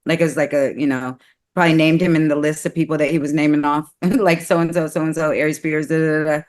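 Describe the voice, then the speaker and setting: A woman's voice: sits low, steady tone, fast, darkish tone. A woman co-hosting a casual talk show, chatty and full of questions. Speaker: co-host. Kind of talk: casual chat.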